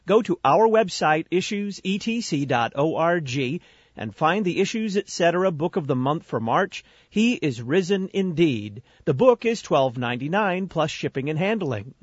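Radio show host with a muffled sound. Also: male voice, a little high, big pitch swings, dry recording. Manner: clear, measured announcer delivery. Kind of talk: radio talk show hosting and ad reads.

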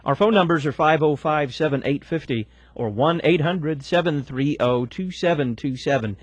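A man hosting a radio talk show, announcing upcoming segments and interviewing a guest in a smooth, practiced way. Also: on the high side, normal speed, no echo, highs cut off.

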